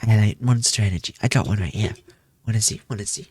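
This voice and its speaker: A man's voice: fairly low pitch, fast talker, a little mellow, dry recording. A young man chatting casually on a stream, rambling and playful, repeating his phrases with self-mocking asides. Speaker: VTuber streamer. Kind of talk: casual debut stream chat.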